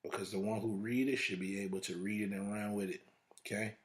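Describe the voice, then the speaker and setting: A man's voice: on the low side, steady tone, brisk. A man hosting a podcast, giving a motivational talk in a preacher-like way, with long repeated lists and rhetorical questions. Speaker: podcast host.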